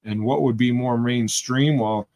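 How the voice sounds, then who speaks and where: A rambling, chatty man from Western New York, hosting a live stream and talking straight to his viewers. His voice sits at an ordinary, mid-range pitch. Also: steady tone, measured pace, darkish tone, a little hiss or hum. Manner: rambling, chatty, talks to chat. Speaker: livestream host. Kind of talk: casual chat with live viewers.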